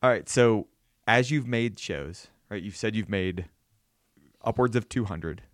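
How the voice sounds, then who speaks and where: A man's voice: fairly low pitch, measured pace, dry recording, clean studio sound. A man with a southwestern Pennsylvania accent, hosting a podcast interview in a loose, chatty way with many fillers. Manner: loose, filler-heavy questioning. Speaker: podcast host. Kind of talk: conversational interview.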